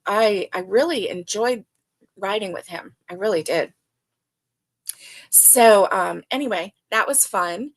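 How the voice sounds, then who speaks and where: A woman's voice: medium pitch, slow, long pauses. An older woman hosting a casual livestream chat, reading viewer comments aloud and talking with many fillers. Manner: chatty, warm, with many fillers. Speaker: livestream host.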